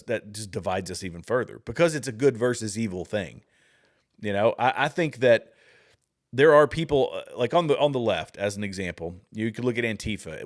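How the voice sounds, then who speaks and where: A man in his thirties talks through chat comments on his livestream, loosely and conversationally. He wanders into asides and restarts his sentences often. His voice sits at an ordinary middle pitch for a man. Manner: rambling, with frequent restarts and asides. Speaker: livestream host. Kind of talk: casual political commentary reading chat comments.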